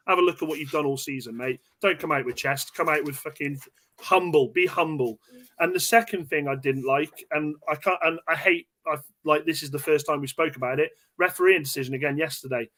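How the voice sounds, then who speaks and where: A man in his thirties hosting a casual football podcast from home, animated, swearing, and restarting his sentences. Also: a little high, brisk. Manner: animated, swearing, repeats himself, stumbles over restarts. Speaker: podcast host. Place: home room.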